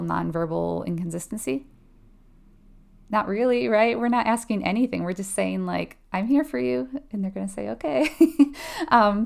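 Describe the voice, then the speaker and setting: Her medium-pitched voice is gravelly yet a little mellow. Hosting a live nursing exam review, she talks conversationally, breaks things down step by step, asks viewers questions, and laughs lightly as she acts out client responses.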